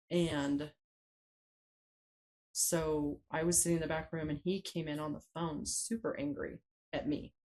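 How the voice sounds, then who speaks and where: A woman guest on a podcast interview, recounting a personal story in a hesitant way, with frequent pauses and fillers. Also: low voice, a little mellow, a little hiss or hum, low-quality recording.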